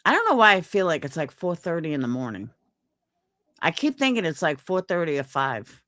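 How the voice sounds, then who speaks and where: A woman's voice: lowish voice, very animated, moderate pace, a bit bright, dry recording, studio quality. A young woman on a live stream, chatting casually with viewers and venting in indignant, profane talk. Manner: indignant, profane, quotes others in put-on voices. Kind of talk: casual chat stream, reading comments.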